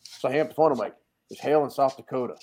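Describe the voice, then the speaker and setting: A man guest on a casual podcast, telling a lively story, acting out the quoted dialogue and laughing along. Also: medium pitch, racing. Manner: animated storyteller who acts out quoted dialogue; laughs often mid-story. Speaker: podcast guest, dent repair technician. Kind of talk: casual chat.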